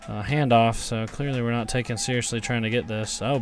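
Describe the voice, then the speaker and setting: A man's voice: medium pitch, fairly even intonation, brisk, few pauses. A young man reacting live to a football game, grumbling and cursing at his team and then erupting into cheers on big plays. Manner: frustrated, swears, talks back to chat.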